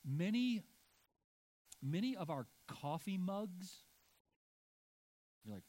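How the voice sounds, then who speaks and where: A man's voice: sits high, big pitch swings, slow pace, darkish tone. Conversational, emphatic male preacher. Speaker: pastor. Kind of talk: sermon.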